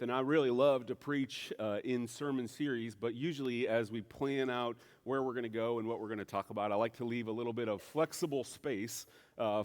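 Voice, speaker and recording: Easygoing pastor, chatty storytelling. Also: male voice, on the low side. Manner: relaxed, self-deprecating storytelling with frequent fillers. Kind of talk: casual conversational sermon. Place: church sanctuary.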